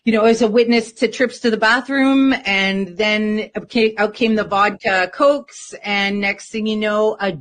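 A woman's voice: medium pitch, steady tone, measured pace, few pauses. A woman telling a story as an interview guest in a casual, rambling way, full of fillers.

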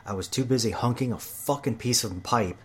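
A man's voice: mid-range voice, brisk, a bit bright, husky. A tradesman ranting in a heated monologue about his job, swearing often and repeating himself. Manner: profane, heated, repetitive. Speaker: manual tradesman.

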